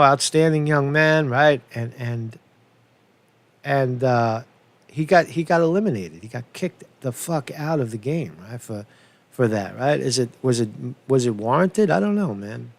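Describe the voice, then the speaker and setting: This commentary host's voice sits a little high and moves at a moderate pace. His casual show is profane and repetitive, with "right?" tossed in often.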